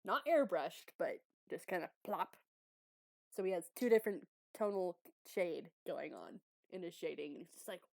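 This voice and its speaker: A woman's voice: lowish voice, lively intonation, moderate pace, vocal fry, darkish tone, no echo. A woman playing in a casual tabletop role-play, easygoing and laughing often. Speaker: player.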